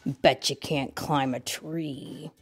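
A woman voicing a skeptical male blue turtle who speaks in a doubtful, deliberate way. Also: low-pitched, fairly even intonation, husky, faint music behind, pitched below the performer's own voice, exaggerated voice.

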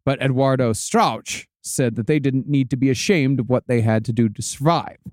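A man's voice: mid-range voice, moderate pace, darkish tone, no room sound, clean studio sound. A man hosting a podcast, telling a story in a laid-back way, swearing casually and laughing often.

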